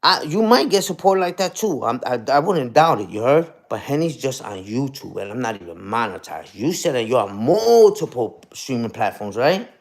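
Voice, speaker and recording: A man's voice: mid-range voice, big pitch swings, moderate pace, vocal fry, hardly any pauses. A young man ranting on a casual livestream, profane and combative, ending lines with "you heard?". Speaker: streamer.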